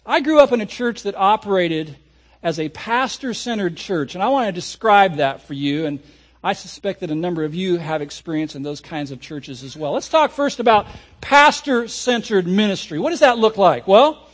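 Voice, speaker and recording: A man preaching a sermon as a pastor, telling a lively story and acting out people's reactions. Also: high voice, moderate pace. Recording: audio recording of a sermon.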